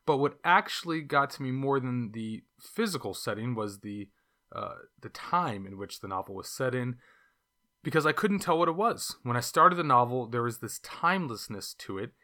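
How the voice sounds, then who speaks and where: A man with a Californian accent shares his thoughts on a novel in a casual, unscripted way. His voice is bright and forward, and he talks in an easy, reflective manner with the odd filler and restart. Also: medium pitch. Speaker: book reviewer. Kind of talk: casual book discussion.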